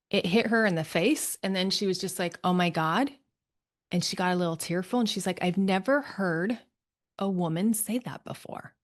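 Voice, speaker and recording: A middle-aged woman coach talking solo on a podcast, upbeat and chatty, often tagging lines with "right?". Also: mid-range voice. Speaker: midlife health coach, podcast host.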